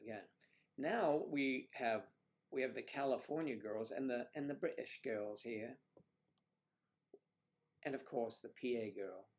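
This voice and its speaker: A man's voice: medium pitch, measured pace, pauses often. A man hosting a casual livestream, chatting to viewers by name and drifting from one topic to the next. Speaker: livestream host.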